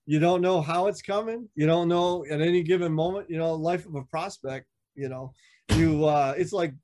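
A man's voice: moderate pace, darkish tone. A man, a veteran motorcycle club member on a podcast, telling stories casually, swearing often and acting out what others said. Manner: profane, acts out quoted dialogue with shifting pitch. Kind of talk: casual storytelling.

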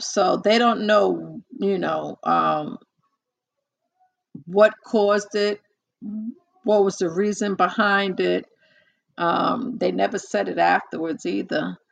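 A woman giving a casual spoken monologue, unhurried and gravelly. She repeats herself, restarts her sentences and acts out what people said. The delivery is loose and conversational. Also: mid-range voice. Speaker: commentator.

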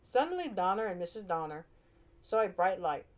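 Brief: woman reading a kids' storybook, expressive, a few stumbles. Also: fairly low pitch, moderate pace. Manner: expressive, with small slips and restarts. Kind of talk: children's storybook read-aloud.

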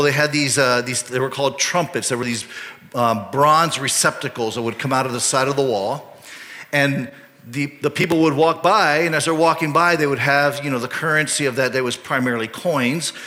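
A man's voice: medium pitch, bright, forceful tone. A male pastor preaching a casual, conversational sermon full of rhetorical questions. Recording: long hall reverb.

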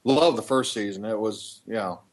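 A man's voice: lowish voice, moderate pace. A man chatting on a gaming podcast, easygoing and enthusiastic about games. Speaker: podcast co-host. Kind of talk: casual gaming podcast chat.

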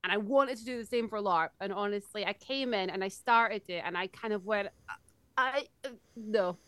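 A woman's voice: medium pitch, normal speed, fairly bright tone, no echo. A woman co-hosting a podcast, eagerly explaining from her own experience in a casual chat. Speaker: podcast co-host.

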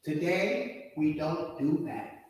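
Lively high-voiced pastor in an echoey hall. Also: male voice, slow pace. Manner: animated preaching with personal stories and repetition. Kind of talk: evening church sermon. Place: church sanctuary. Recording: echoey hall, distant mic.

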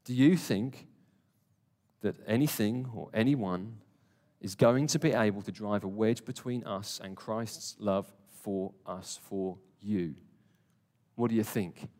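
A man's voice: on the low side, slow, mellow. A man preaching a sermon in a church hall, speaking in a conversational, earnest way and putting questions to the congregation. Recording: long hall reverb.

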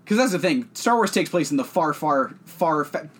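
A man's voice: fairly high pitch, lively intonation, moderate pace, a bit bright, husky. A man co-hosting a podcast in casual chat, rambling with many fillers and giggling often. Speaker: podcast co-host.

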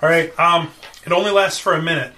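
A man playing a tabletop game in casual chat, excitable and swearing freely. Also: a little high, fairly quick. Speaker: player. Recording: noisy mic.

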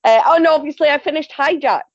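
A woman's voice: high voice, fast, no room sound, lo-fi sound. A woman contributing to a podcast chat, talking enthusiastically about TV shows. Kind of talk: casual chat.

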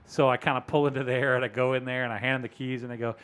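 A man, probably in his thirties, hosting a casual podcast and telling a story with animated delivery, acting out other people's lines. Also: mid-range voice, rapid-fire. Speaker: podcast host. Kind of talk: casual chat.

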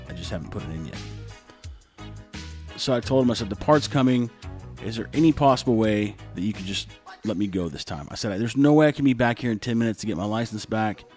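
Man from Texas, casual storytelling vlog, lively, voices the other people in his stories, soft music underneath. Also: on the low side. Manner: animated, acts out both sides of dialogue. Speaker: vlogger telling stories.

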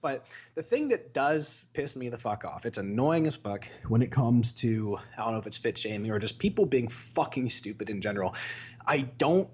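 A man's voice: medium pitch, lively intonation, darkish tone, husky, lo-fi sound. A man co-hosting a casual podcast, ranting with lots of swearing and mocking impressions of other people. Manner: profane, fast ranting with mocking quoted voices. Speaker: podcast co-host.

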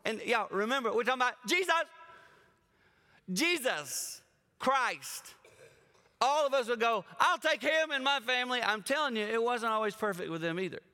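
A male guest preacher with a drawl, telling stories animatedly and talking straight to the congregation. His voice is bright and smooth, a little higher than most men's. The sound carries a long reverb from a large church auditorium. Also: fast, few pauses. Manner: animated storytelling, addresses the congregation directly. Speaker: guest speaker. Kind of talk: sermon.

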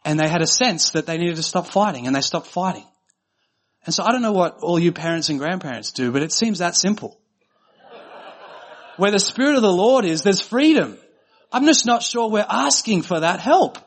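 A male pastor delivering a sermon in an earnest, conversational way, stacking up short repeated phrases as he builds each point. His speaking voice sits a little higher than most men's. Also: animated, moderate pace.

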